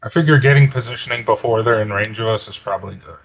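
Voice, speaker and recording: A man's voice: lowish voice, fast talker. A man playing in a tabletop game, speaking in a wry, mildly exasperated way. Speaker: player. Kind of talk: casual tabletop play. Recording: dull lo-fi mic.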